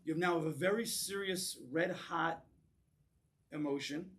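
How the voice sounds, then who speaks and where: A man, a rabbi, teaching a class in a synagogue, animated and drawing in his audience, often restarting words as he goes. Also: fairly high pitch, normal speed. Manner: animated, acts out voices in quoted lines, repeats words as he restarts. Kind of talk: lecture with audience discussion.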